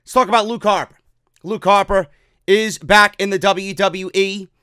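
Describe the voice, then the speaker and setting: A man hosting a wrestling talk show, ranting in an excitable, profane, rambling way. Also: sits high, moderate pace, clean tone, dry recording. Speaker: wrestling podcast host. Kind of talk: casual opinion rant.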